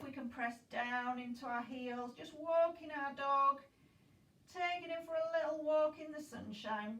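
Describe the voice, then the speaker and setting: A woman's voice: sits high, a bit bright, roomy sound, far from the mic, low-quality recording. A woman guiding a children's yoga class in an encouraging, playful way. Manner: encouraging, playful, makes animal noises.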